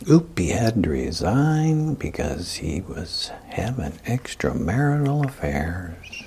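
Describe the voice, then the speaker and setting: A man giving a ranting political commentary, emphatic, often dropping into breathy whispered asides. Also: low-pitched, big pitch swings, slow pace, mellow.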